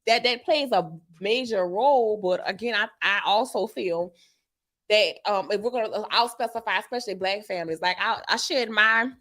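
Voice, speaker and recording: A woman sex educator, chatting on a radio show as an animated, loud storyteller with salty slang. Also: mid-range voice, normal speed. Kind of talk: casual radio chat.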